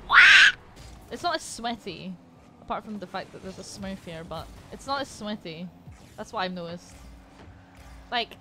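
A young woman streaming her gameplay, talking fast and loose and swearing freely as she reacts to every play. Her voice sits fairly high, and she often shouts at her teammates. A faint hiss of noise lies under the recording. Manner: excitable, swearing, yelling at teammates. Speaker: gaming streamer. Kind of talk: live gameplay commentary.

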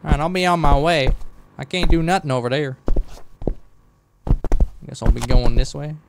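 Folksy rough country man , a man streamer doing a shaky put-on drawl, fairly high voice, noisy stream audio. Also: normal speed. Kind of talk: in-character gameplay commentary.

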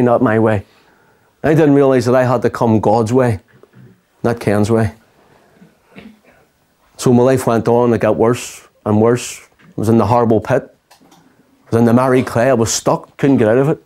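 Earnest man, mellow voice. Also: medium pitch. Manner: earnest storytelling, quoting himself and others. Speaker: pastor. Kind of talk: personal testimony.

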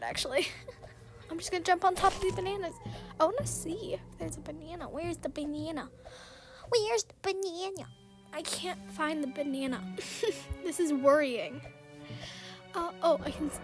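A young woman casually commenting on a game she is playing, giggling often and easily spooked. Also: high-pitched. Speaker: gameplay streamer. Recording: music playing underneath.

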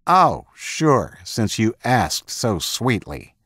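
A man's voice: extremely low pitch, normal speed, fairly bright tone, dry recording, studio quality, full character voice. A man voicing a menacing young male zealot holding a hostage, mocking and sneering.

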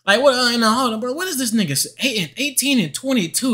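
A man's voice: extremely high pitch, lively intonation, quick pace, few pauses, bright, forceful tone. A young man giving angry, profane gameplay commentary, ranting at the game and the referees. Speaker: gaming channel host.

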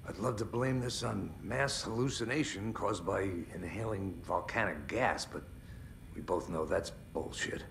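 An actor voicing a blunt, weary male detective with dry deadpan delivery in a video game. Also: on the low side, measured pace, gravelly, a little hiss or hum.

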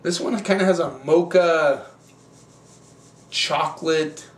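Man, wine show host, slightly high voice, echoey room, mic at a distance. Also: slow pace. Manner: relaxed, rambling, conversational. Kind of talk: casual wine tasting review.

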